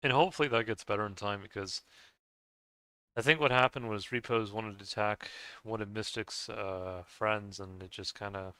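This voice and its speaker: A man from the United States, a gaming streamer, chatting casually while he plays, rambling and halting with many restarts and soft chuckles. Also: fairly low pitch, fairly even intonation, smooth, dry recording. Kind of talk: casual chat while playing a game.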